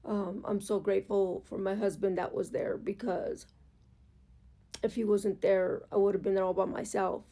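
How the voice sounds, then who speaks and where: Gravelly, candid woman vlogger. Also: mid-range voice, little pitch movement, normal speed, warm tone. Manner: candid, earnest, swears freely. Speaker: motorcycle vlogger. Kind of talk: casual confessional storytelling. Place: at home, in pajamas.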